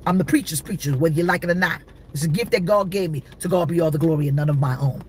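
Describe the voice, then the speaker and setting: A woman preacher delivering a fiery sermon, shouting and repeating phrases to the crowd. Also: deep voice, fast talker, slight background noise. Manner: shouting, repetitive, call-and-response.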